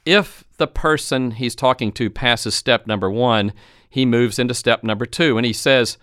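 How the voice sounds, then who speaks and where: A man with a smooth, resonant voice gives a coaching talk, recorded dry and close. He tells anecdotes and plays out the lines of the people in them. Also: mid-range voice, normal speed, a bit bright, no room sound. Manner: retells anecdotes and acts out quoted speech. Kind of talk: instructional storytelling talk.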